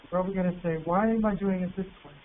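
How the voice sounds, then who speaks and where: A man presenting an online teacher workshop, patient and encouraging, reading words out slowly. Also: sits high, fairly even intonation. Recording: tinny phone-like line with faint hiss.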